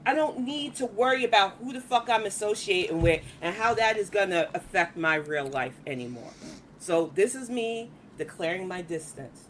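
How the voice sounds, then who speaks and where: A woman's voice: medium pitch, expressive, normal speed, fairly bright tone. A woman streamer in an emotional livestream monologue, aggrieved and declaring her position, swearing now and then. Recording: faint background noise.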